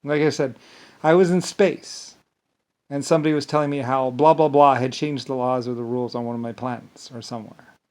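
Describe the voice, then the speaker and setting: A man rants angrily to camera in a rambling monologue, his voice at a middling pitch, steady in tone, a little fast and slightly mellow. He swears freely, stumbles and restarts his words, and fills gaps with a dismissive "blah, blah."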